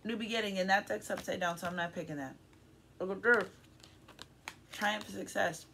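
A woman's voice: medium pitch, normal speed, gravelly, bright, forceful tone, a little hiss or hum. A woman giving a casual tarot reading to her viewers, effusive and affectionate, often turning emotional and checking in with her audience. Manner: chatty, frequently checks in with "okay?". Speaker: tarot card reader.

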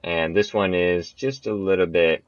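A man's voice: low-pitched, fairly even intonation, a little slow, dry recording. A young man giving casual, chatty commentary on his own gameplay, laughing at his missed shots. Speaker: gaming channel host. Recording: muffled, dry home recording.

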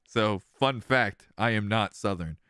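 A thirty-year-old man chats through a let's-play, jokey and quick to laugh. His voice is bright and crisp, and it swings up and down in lively bursts. The sound is close and dry, with no room around it. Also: mid-range voice, no echo. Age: 30s. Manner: animated, jokey, laughs often. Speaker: streamer, let's-play host. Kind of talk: casual game commentary, chatting with viewers.

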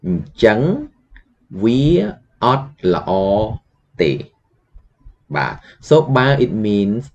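Deep-voiced Cambodian man teaching slowly. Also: expressive, dull audio. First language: Khmer. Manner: slow, repeats words for learners. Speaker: Khmer language teacher. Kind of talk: online language lesson.

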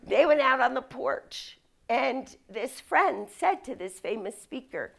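A middle-aged woman from the United States giving a leadership lecture, telling stories in an animated way. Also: high voice, takes it slowly, creaky. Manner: storytelling, animated. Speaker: speaker.

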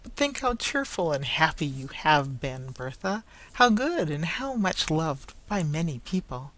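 A reader voicing a gentle, anxious old toymaker father who talks softly and falters. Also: medium pitch, very animated, a little slow, rough recording. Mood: worried. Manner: soft, faltering.

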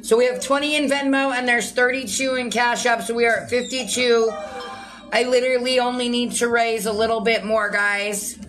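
A woman's voice: on the high side, fairly even intonation, normal speed, fairly bright tone, faint music behind. Chatty woman answering livestream comments. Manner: chatty, reads and answers viewer comments, sometimes snappy. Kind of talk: casual livestream chat.

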